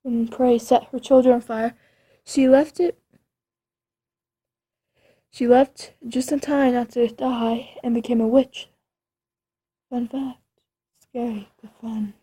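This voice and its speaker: A woman's voice: fairly high pitch, little pitch movement, slow, long pauses, warm tone, slightly rough. A woman improvising a spooky story in a rambling, dramatic way with creepy asides.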